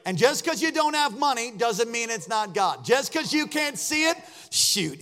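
Man, pastor, sermon, high voice, storytelling, hushed to shouting. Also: big pitch swings, moderate pace, few pauses.

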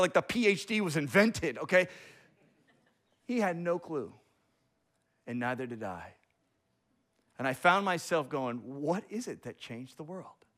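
A man preaching a sermon, telling stories with acted-out quotes and big swings between loud and quiet. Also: high voice.

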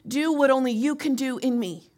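A woman pastor preaching and leading a congregation in prayer, swinging from soft, near-whispered lines to loud rallying shouts. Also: sits high, moderate pace.

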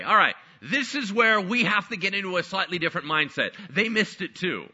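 A man preaching a sermon as pastor, animated and acting out skeptical listeners in quick asides. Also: high-pitched, husky, dull audio.

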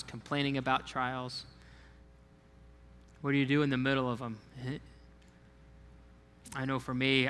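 Here a male pastor speaks at medium pitch with a sharp, clean tone, and a long reverb trails behind him in the church sanctuary. He delivers his sermon casually, circling back over points and questioning the people listening.

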